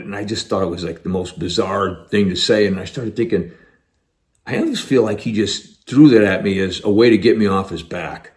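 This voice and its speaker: A man, an actor, telling a personal story in an animated way, acting out the dialogue as he goes. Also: on the low side, normal speed.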